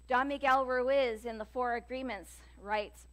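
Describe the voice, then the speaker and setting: A woman minister giving a sermon in a church, telling stories in a chatty, lively way with many fillers. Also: a little high, measured pace, hardly any pauses. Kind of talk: sermon with jokes and readings. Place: church sanctuary.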